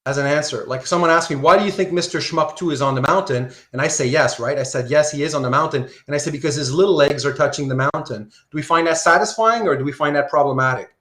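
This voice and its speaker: A philosophy lecturer in Surrey, Canada, teaches a live online class in a slightly high, sharp voice, talking fast with barely a pause in a reverberant space. He's casual and conversational, reads student comments aloud, and tacks "right?" onto nearly every point.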